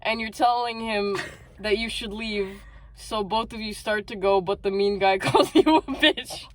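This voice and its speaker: A woman's voice: mid-range voice, unhurried. A young woman reading her old fan fiction aloud. She keeps breaking off into giggles and restarting sentences. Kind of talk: reading aloud between bursts of laughter.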